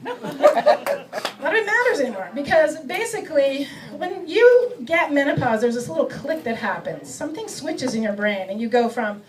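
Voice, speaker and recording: A high-pitched middle-aged woman works a comedy club stage, poking fun at herself and slipping into quick voices for her bits. The sound is picked up from a distance, so her voice sits a bit back in the room. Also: sing-song, a crowd in the background. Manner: self-mocking, acts out bits with quick voice shifts. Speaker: stand-up comedian. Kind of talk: stand-up comedy set. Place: comedy club stage before a live audience.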